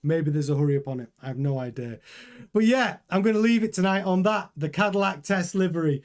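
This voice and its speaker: A man's voice: fairly high pitch, expressive, brisk. A man hosting a live motorsport news stream, chatting casually, reading out viewer comments and thinking aloud with many fillers and restarts.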